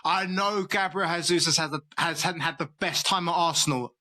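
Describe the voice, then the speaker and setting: A man's voice: a little high, a little fast, pushed and bright, dry recording. A young man hosting a casual football talk show, reading out transfer news and chatting loosely with frequent restarts. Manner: restarts sentences often, reads transfer news, calls co-host "bro". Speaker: football podcast host.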